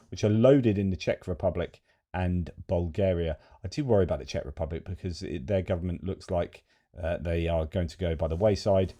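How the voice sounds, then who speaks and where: A man's voice: deep voice, warm tone. A man giving casual video commentary as a military news commentator, chatty and digressive with frequent fillers.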